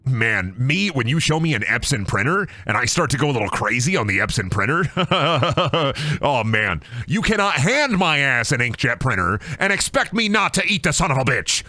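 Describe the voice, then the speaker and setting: A man livestreams a game, chatting informally with jokes, swear words, and playful sing-song voices. His medium-pitched delivery is sing-song at a normal speed with hardly any pauses. It sounds pushed and bright, with no echo.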